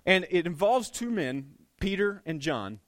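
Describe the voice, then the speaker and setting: A man preaching a sermon as a conversational, animated retelling, with restarts and light chuckles. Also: sits high, measured pace, no room sound. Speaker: pastor. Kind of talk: storytelling sermon.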